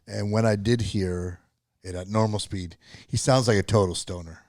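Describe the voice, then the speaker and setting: A man's voice: on the low side, fairly even intonation, normal speed, darkish tone, no echo. A man co-hosting a podcast, chatting casually and tossing in dry, offhand quips. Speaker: podcast co-host. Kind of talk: casual chat.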